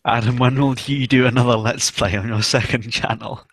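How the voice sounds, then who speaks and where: A man's voice: medium pitch, steady tone, a little fast, fairly bright tone, no room sound. A man from England hosting a casual online hangout, rambling, laughing often and swearing offhandedly. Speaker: hangout host. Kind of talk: casual chat.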